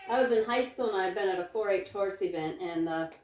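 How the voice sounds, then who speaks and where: A woman homesteader chatting casually while milking her goats, sliding into a high sing-song coaxing voice when she talks to her animals. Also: fairly quick, darkish tone, a little hiss or hum. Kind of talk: casual chat while doing farm chores. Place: indoor barn or milking shed with chickens. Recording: roomy barn, distant mic, faint clucking. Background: chickens clucking.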